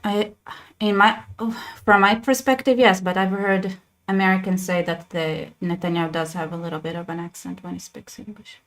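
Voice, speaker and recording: A woman with an Israeli accent, a native Hebrew speaker, hosting a casual livestream chat and talking in quick bursts with many restarts. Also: on the low side, fairly even intonation. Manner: chatty, many restarts and fillers. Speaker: channel host.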